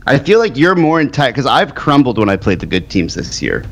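A man's voice: medium pitch, very animated, brisk. A man co-hosting a podcast in casual chat, teasing his friends and swearing freely. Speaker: podcast co-host.

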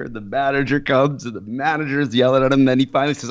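A man's voice: medium pitch, quick pace, few pauses, dry recording. A man co-hosting a podcast, telling rambling stories in casual chat with crude jokes. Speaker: podcast co-host. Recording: dry, dull lo-fi sound.

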